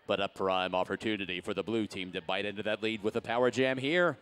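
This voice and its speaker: A man's voice: lowish voice, fast talker, a bit bright, smooth. Chatty man calling derby play-by-play. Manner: chatty play-by-play with jokes, hypes the crowd. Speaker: roller derby announcer. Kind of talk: live sports commentary.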